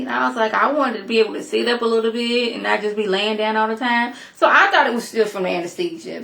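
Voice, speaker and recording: A woman casually reviewing a TV episode, animated and emphatic, talking back at the characters. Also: a little high, fast talker, gravelly, hardly any pauses, reverberant. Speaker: TV show reviewer.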